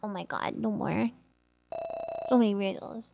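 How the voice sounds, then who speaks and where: A woman's voice: mid-range voice, normal speed, vocal fry, mellow, no echo. A woman streaming a game in casual chat, giggling and rambling as she reads riddles aloud.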